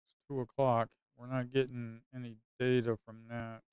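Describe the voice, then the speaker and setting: A man giving casual live commentary on a slow market as a day trader, grumbling and talking to his viewers as folks, with sudden excited outbursts. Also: mid-range voice, clear, resonant tone, no echo, highs cut off.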